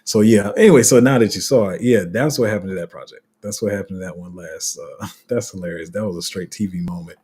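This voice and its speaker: Dark, husky-voiced man rambling on a stream. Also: low voice, fast talker, hardly any pauses. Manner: rambling, restarts often, laughs at himself; reads viewer comments aloud. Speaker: crypto livestream host. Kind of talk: casual livestream chat reading comments.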